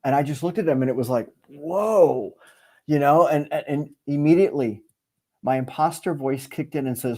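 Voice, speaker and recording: A man tells a story in a conversational interview, his voice sitting a little high. He brings it to life by acting out the lines of the people in it. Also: moderate pace. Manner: animated storyteller, acts out quoted dialogue. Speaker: guest speaker and author. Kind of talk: conversational storytelling on a video call.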